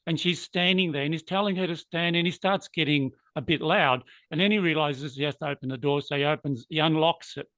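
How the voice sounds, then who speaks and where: A man's voice: fairly high pitch, steady tone, a little fast, hardly any pauses, a bit bright, dry recording. A man, an interview guest earnestly recounting a personal story, sometimes moved by it. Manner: earnest, moved to emotion at times. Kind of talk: reflective storytelling.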